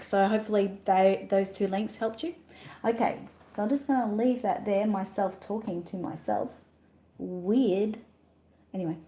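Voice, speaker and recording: A woman's voice: medium pitch, darkish tone, reverberant. An Australian woman hosting a casual livestream, chatting and reading viewer comments aloud at her computer. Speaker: livestream host.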